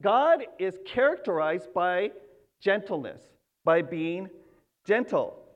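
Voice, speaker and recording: Brief: male pastor, high-pitched, earnest sermon, dull lo-fi recording. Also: expressive, slow. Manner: earnest, emphatic, repeats key words. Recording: dull lo-fi sound.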